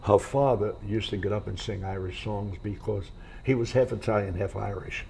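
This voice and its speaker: An older man talks in a low, gravelly voice as he spins rambling stories from his career, dropping into the voices of the people he quotes. A faint hiss sits behind him. He sounds at ease in a hotel room. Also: normal speed, a little mellow. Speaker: actor guest. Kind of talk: casual interview storytelling.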